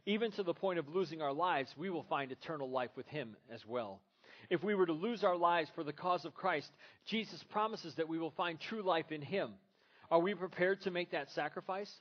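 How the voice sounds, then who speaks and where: A man's voice: on the high side, fairly quick, muffled recording. A man preaching a sermon as a pastor, earnest and full of rhetorical questions.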